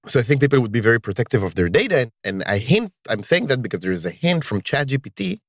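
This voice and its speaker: A man hosting a podcast in casual conversation, speaking emphatically and lifting his pitch on key words. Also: very animated, fast talker, no echo, clean studio sound. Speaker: podcast host.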